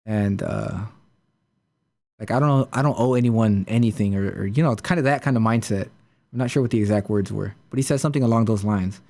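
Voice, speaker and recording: Man, podcast host, mellow warm tone, rambling storytelling, many fillers. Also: lowish voice, a little fast. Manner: rambling, filler-heavy retelling with repeated restarts. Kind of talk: casual motivational storytelling.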